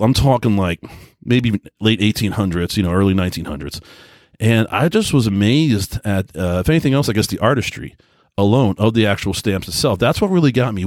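A man's voice: mid-range voice, a little mellow, no room sound, clean studio sound. A man in his forties hosting a solo podcast, telling loose, self-deprecating stories with many restarts and filler words. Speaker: podcast host. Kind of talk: casual solo podcast monologue.

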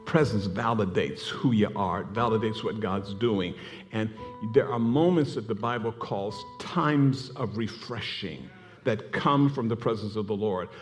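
Male pastor, lively storytelling sermon, music playing underneath. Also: on the low side, measured pace. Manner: storytelling preacher, animated, laughing asides.

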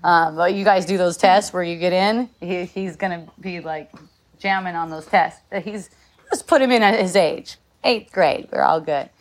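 A woman's voice: on the low side, normal speed. A middle-aged woman telling a story about her sons in a casual chat, laughing often and rambling with many restarts.

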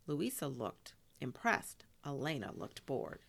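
A woman reading a children's storybook aloud, expressive and dropping in Spanish words. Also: rumbling low, takes it slowly, gravelly.

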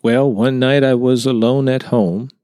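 A man's voice: mid-range voice, fairly even intonation, measured pace, warm tone, dry recording, clean studio sound, natural voice. A man voicing an earnest young contractor who tells his story hesitantly in a storybook reading. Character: earnest younger male contractor, unsettled by a sighting.

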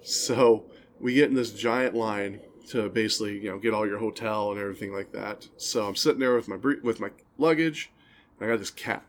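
A man's voice: on the low side, brisk, a little hiss or hum. A man co-hosting a podcast, telling long, rambling stories and laughing at them in casual chat. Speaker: podcast co-host.

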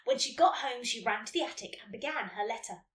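Animated woman narrator for a kids' story read, high bright voice. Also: fairly quick. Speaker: podcast host reading a listener story. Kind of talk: storybook reading. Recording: roomy echo, distant mic.

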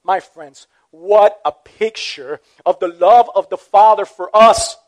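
High-voiced earnest male preacher. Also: slow, hardly any pauses. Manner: earnest, emphatic storytelling preacher. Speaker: pastor. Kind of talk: sermon.

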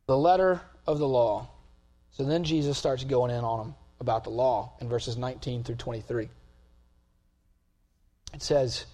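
A male pastor preaching a sermon, moving from calm, measured talk to loud, emphatic stretches. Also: mid-range voice.

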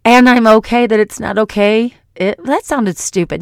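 A middle-aged woman talks straight into the mic on her own podcast, her voice hoarse from weeks of being sick. She is blunt and emotional, pouring out her heart. The sound is dry, with no room around it. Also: on the high side, normal speed, few pauses, no room sound. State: hoarse from illness. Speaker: podcast host. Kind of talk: personal podcast monologue.

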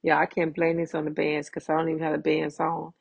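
Husky, gravelly woman podcaster. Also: sits low, monotone, quick pace. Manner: chatty, addresses listeners as y'all. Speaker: podcast host. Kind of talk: casual solo podcast chat.

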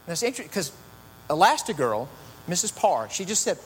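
A man's voice: high voice, sing-song, a little fast. A man preaching a sermon in a conversational, storytelling way with chatty asides. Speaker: pastor. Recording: long reverb, faint hum.

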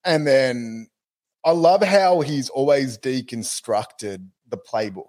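A man co-hosting a casual podcast, chatty and quick to laugh. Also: medium pitch, expressive, darkish tone. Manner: laughs easily, loose and chatty. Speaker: podcast co-host.

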